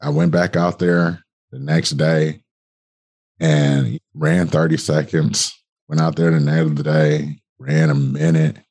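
Brief: young male podcast guest, low husky voice, casual profane storyteller. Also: takes it slowly. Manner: animated, colloquial, swearing, acts out dialogue.

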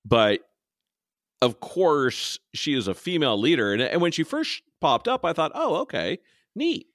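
A man co-hosting a podcast in casual chat, animated and leaping up in pitch to make points. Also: normal speed, no room sound, studio quality. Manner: animated, jumps up in pitch for emphasis. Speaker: podcast co-host.

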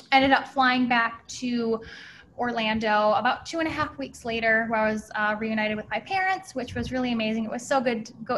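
A young American woman recounts a heartfelt personal story as a podcast guest. Her voice sits a little high, and she stops and restarts often. A faint hiss sits under the recording. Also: fairly bright tone. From United States. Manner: emotional, halting, many restarts. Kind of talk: personal faith story in casual conversation.

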